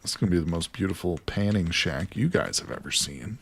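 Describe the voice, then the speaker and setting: Man streaming a survival game, fairly low voice, jokey, excitable, chats to viewers, keyboard typing at the desk. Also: a little fast, vocal fry, breathy edge. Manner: excitable, jokey, talks to viewers, swings between mutters and outbursts. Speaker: gaming streamer. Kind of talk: live gameplay commentary.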